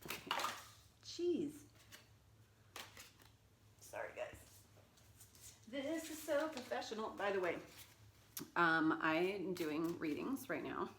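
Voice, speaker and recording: A woman's voice: fairly low pitch, expressive, measured pace, vocal fry, pauses often, fairly bright tone, a little hiss or hum. A woman giving a casual tarot reading, chatty and rambling, with plenty of fillers and asides. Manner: talks baby talk to her cat. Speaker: tarot reader.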